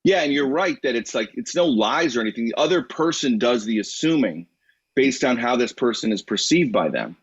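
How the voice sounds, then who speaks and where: A man speaking as a guest in a podcast interview, telling anecdotes in a relaxed, conversational way. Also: mid-range voice, fairly quick, breathy edge. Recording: dry, slightly muffled recording.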